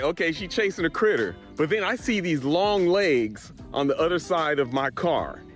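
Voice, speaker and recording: A middle-aged man from Colorado, an appraiser telling a story to camera in a casual, animated way and laughing along as he goes. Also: on the high side. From Colorado, USA. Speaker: real estate appraiser.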